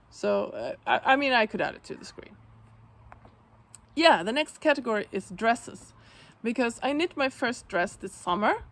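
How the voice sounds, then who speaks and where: Relaxed woman chatting, a bit gravelly. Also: medium pitch. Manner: relaxed, chatty, many fillers. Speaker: knitting podcast host. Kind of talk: casual solo chat.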